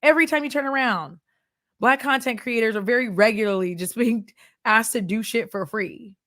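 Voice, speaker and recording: Blunt, animated woman chatting casually. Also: a little high, normal speed, dry recording, studio quality. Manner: animated, blunt, swears freely, laughs often. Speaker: beauty content creator turned chat vlogger. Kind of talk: casual chat vlog while doing makeup.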